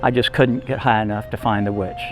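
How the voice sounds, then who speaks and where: A man's voice: on the low side, fairly even intonation, brisk, music in the background, voice pushed down, lightly acted, rough recording. A man doing a weary, apologetic bear. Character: sorrowful worn-out male bear.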